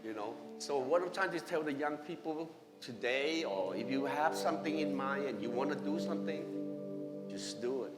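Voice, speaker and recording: Animated man telling his story in an echoey church. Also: medium pitch, moderate pace. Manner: animated, acts out dialogue with his wife; non-native broken English grammar. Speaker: guest speaker at church. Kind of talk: personal testimony storytelling. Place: church hall. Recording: echoey hall with music behind.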